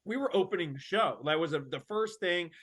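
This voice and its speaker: A man with a notably high speaking voice tells a story in a relaxed interview. He is animated and full of fillers and slang. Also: a little fast. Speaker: wrestler guest. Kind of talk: casual storytelling.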